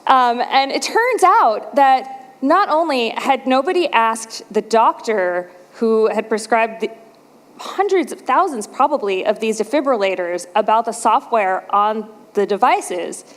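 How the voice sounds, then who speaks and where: Lively woman in a reverberant hall. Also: on the high side, unhurried. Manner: lively storyteller, acts out quoted voices. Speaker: conference speaker. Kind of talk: storytelling conference talk.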